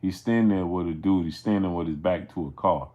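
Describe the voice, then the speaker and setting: A man's voice: sits low, brisk, lo-fi sound. Rambling male livestream host. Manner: rambling, heavy on fillers and restarts; greets live chat viewers by name mid-story. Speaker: sports channel host. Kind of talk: casual livestream storytelling.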